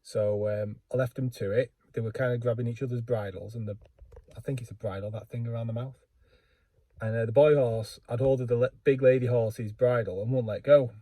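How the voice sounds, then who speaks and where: Man, casual vlog storytelling, rambling, husky mellow voice. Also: medium pitch, steady tone, fairly quick, dry recording. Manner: rambling, self-deprecating, lots of fillers and restarts. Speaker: book vlogger.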